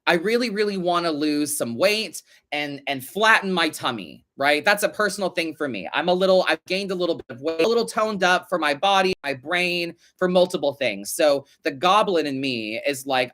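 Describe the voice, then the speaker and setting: A man runs a relaxed tarot reading for a live-stream audience. His voice sits a little high with a bright, forceful edge. He talks in an animated, conversational way and drops casual swear words. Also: normal speed. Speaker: tarot reader host.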